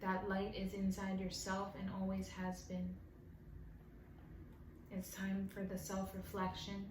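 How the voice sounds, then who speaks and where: A woman's voice: medium pitch, completely flat delivery, a little slow, background noise. A woman giving a heartfelt spiritual energy reading to her viewers. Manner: emotional, heartfelt. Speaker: tarot reader. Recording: roomy, distant mic with faint ambience.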